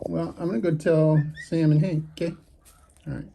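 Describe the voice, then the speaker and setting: A backyard animal keeper chatting casually to pet emus outdoors, often slipping into high baby talk. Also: fairly even intonation, moderate pace, creaky, dark tone, slight background noise. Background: faint outdoor ambience and bird sounds.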